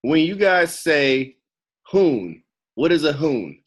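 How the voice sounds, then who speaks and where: A man's voice: on the high side, very animated, slow, breathy edge. A man hosting a podcast over a video call, teasing his guest in playful, profane banter. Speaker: podcast host.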